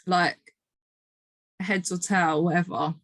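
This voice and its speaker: A woman's voice: on the low side, steady tone, slow, a bit bright, no room sound. Emphatic woman coaching in a dry voice. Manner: emphatic, repetitive, swears freely. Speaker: manifestation coach. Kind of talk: motivational coaching talk.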